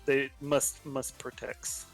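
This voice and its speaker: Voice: medium pitch, flat delivery, slow, creaky, soft background music. A streamer with a subtle Texan accent, chatting casually in a livestream interview and laughing often. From Texas. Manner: laid-back, laughs often. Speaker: VTuber streamer, interview guest.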